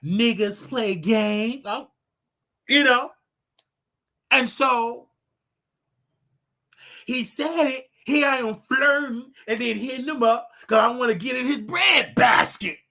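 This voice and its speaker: A man hosting his own livestream show, talking casually in a preachy, animated way with laughing asides. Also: very high voice, slow, creaky, pauses often.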